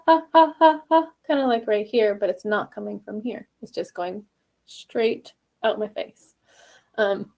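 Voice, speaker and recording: A woman teaching singing in a relaxed, chatty way, full of little fillers and soft laughs. Her speaking voice has a slight gravel to it, and it sits mid-range for a woman. Between explanations she fires off short, loud staccato exercises that jump up into head voice. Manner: demonstrates staccato "ha" exercises jumping high into head voice. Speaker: vocal coach. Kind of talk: live online singing lesson.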